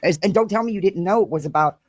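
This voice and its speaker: A woman's voice: medium pitch, no room sound, clean studio sound. A woman on a livestream panel stating her stance firmly and plainly. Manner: firm, measured, states her stance plainly.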